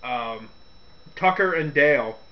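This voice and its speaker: A man hosting a radio segment, giving a casual, rambling movie review with frequent laughs and quick character impressions. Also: mid-range voice, lively intonation, highs cut off. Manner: rambling, laughs often, acts out quotes in character voices.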